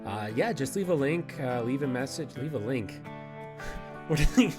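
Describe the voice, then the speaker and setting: A man's voice: mid-range voice, lively intonation, normal speed, over music. A man co-hosting a casual gaming chat, joking and laughing often. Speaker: co-host.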